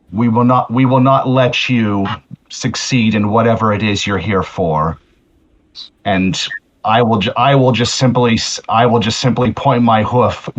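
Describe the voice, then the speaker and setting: A man playing a tabletop role-playing game who talks deliberately, restarting his sentences. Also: medium pitch, highs cut off. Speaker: player. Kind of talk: tabletop role-play, in and out of character.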